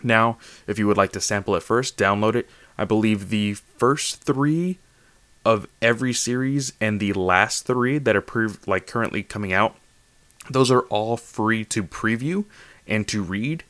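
A man's voice: on the low side, a little slow, a bit bright, no room sound. A man hosting a casual solo manga review podcast late at night, tired and slightly slurring, rambling with lots of fillers and restarts. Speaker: podcast host.

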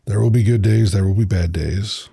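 A man's voice: on the low side, moderate pace, creaky, dark tone, husky, no room sound. A man hosting his own podcast, talking alone in a blunt, profane but earnest and reflective way. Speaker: podcast host. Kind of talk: casual solo monologue.

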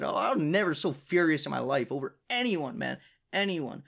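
A man's voice: a little high, sing-song, normal speed, vocal fry, fairly bright tone. A young man hosting his own podcast, telling a personal story in a casual, profane, exasperated way, with frequent laughs between lines. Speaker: podcast host.

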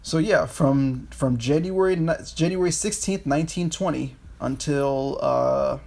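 A man's voice: fairly high pitch, measured pace, creaky, darkish tone. A man co-hosting a podcast, chatting casually about history, rambling with frequent restarts and swearing. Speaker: podcast co-host.

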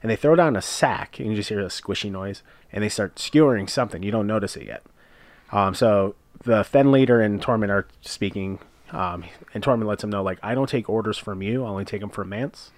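A man's voice: on the low side, brisk. A man casually recapping a TV episode, retelling scenes step by step with frequent uhs. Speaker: podcast co-host recapping a TV episode. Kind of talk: casual chat.

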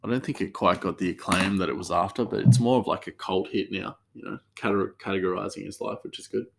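Male podcast host, lowish voice, loose and chatty, drifts off on tangents. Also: fast, vocal fry, background noise. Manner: rambling, chatty, restarts, laughs easily. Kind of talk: casual solo podcast chat.

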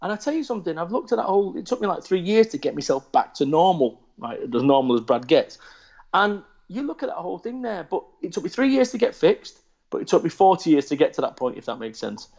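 A man in his forties, a podcast guest, chats casually and bluntly, swearing freely as he animatedly tells stories about himself. His voice sits high and gravelly, he talks fast, and the recording is muffled.

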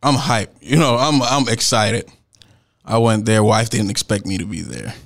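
A man's voice: fairly low pitch, normal speed, gravelly. A man, a performance poet, telling a story in a casual, slangy way. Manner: slangy, animated retelling with laughs and acted-out quotes.

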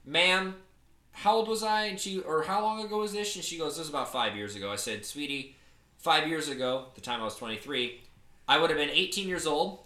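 A man's voice: on the high side, lively intonation, fast talker, sharp tone, reverberant. A man in his twenties telling a story in a casual podcast chat, joking, swearing and acting out quotes.

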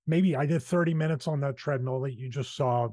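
A man's voice: mid-range voice, a little fast, warm tone, no echo, studio quality. A man with a Philadelphia accent hosting a casual podcast, talking in rambling, self-correcting sentences. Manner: chatty, rambling, restarts his sentences. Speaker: podcast host.

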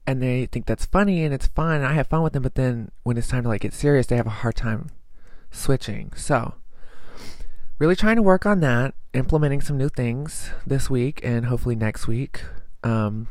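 A man's voice: mid-range voice, normal speed, no room sound. A young man who is a student teacher, chatting casually and rambling anxiously in a vlog. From American South. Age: young adult. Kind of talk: casual chat.

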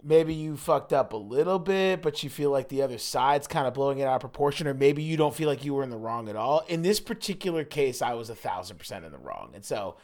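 A man's voice: mid-range voice, lively intonation, quick pace, few pauses, a little mellow. Loose, joking male podcast host. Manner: loose and jokey, trails off with fillers. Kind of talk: casual chat.

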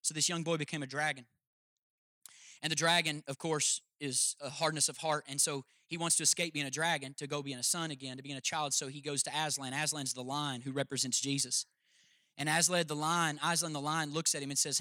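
A man preaching a sermon in a high, bright, forceful voice. He is emphatic and turns to the congregation with direct questions. His voice sounds close and dry, with no room around it. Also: steady tone, brisk, dry recording. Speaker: pastor.

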